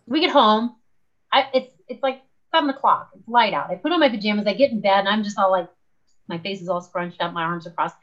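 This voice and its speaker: A woman's voice: mid-range voice, a little fast, lo-fi sound. A woman guest author talking in an interview, telling stories animatedly and acting out the voices she quotes. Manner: animated storyteller, acts out her own quoted voices. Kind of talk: conversational interview.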